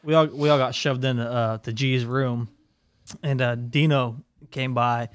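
A man's voice: medium pitch, steady tone, measured pace, clean tone, dry recording, studio quality. A young man talking as a guest in a casual chat, mostly laid back with short replies. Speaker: podcast guest.

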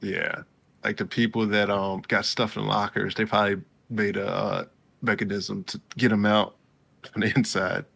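A man with a very low, gravelly voice and a bright, forward edge, talking in an easygoing way. He chats casually as a co-host, slipping into characters' lines as he recaps. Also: little pitch movement, moderate pace. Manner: laid-back, acts out characters' lines while recapping. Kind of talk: casual chat.

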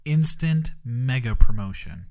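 A woman's voice: extremely low pitch, animated, a little slow, a little mellow. A woman co-hosting a casual podcast chat, joking and swearing freely. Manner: joking, swears freely, jumps into silly voices. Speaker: podcast co-host.

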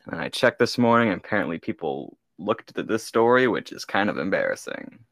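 A young man with a fairly low voice jokes around in relaxed chat with a friend. He is goofy and laughs easily. The sound is dry and close. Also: brisk, gravelly, dry recording. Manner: goofy, joking, laughs often. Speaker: podcast co-host. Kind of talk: casual chat.

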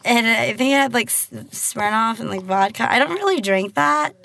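A young woman hosting a casual podcast chat, excitable and chatty, gasping and laughing along as she rambles through her stories. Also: fairly high pitch, moderate pace, vocal fry. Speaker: podcast host.

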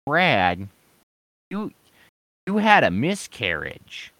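A man's voice: medium pitch, wildly swooping pitch, extremely slow, pushed and bright, dry recording, voice pushed up, heavily acted. A man voicing a brash male comedian host who makes blunt, wild accusations in a comedy rant. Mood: accusing.

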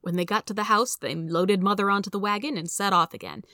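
A woman narrating a children's story aloud in a steady, even storytelling manner. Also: medium pitch, fast talker, dry recording, clean studio sound.

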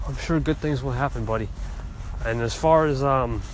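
A man's voice: medium pitch, normal speed. A man hosting a call-in chat, answering callers in a rambling, encouraging way. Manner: laid-back, rambling, encouraging. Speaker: host. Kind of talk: casual call-in reply. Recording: noisy background.

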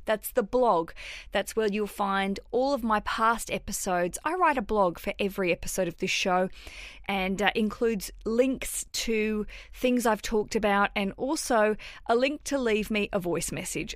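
An Australian woman hosting a podcast, talking in an excitable, straight-talking way and swearing freely. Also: mid-range voice, no room sound, studio quality. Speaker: podcast host. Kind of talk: casual solo podcast chat.

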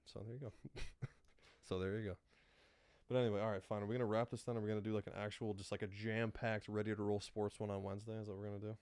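A man's voice: fairly low pitch, level tone, quick pace, darkish tone, clear, resonant tone, dry recording. A young man co-hosting a podcast in casual chat, rambling with lots of fillers and frequent laughs. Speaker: podcast co-host.

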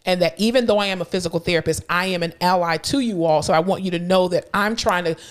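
Fast-talking woman co-host. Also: fairly low pitch. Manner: animated storytelling, acts out quotes. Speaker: podcast co-host, physical therapist. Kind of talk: casual chat.

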